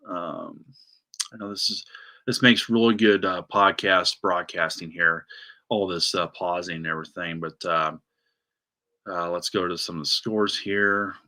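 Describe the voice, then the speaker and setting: Bright-toned guy ranting on his sports podcast, lots of restarts. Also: sits low, measured pace. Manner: animated, ranting, many restarts. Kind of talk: solo sports podcast rant.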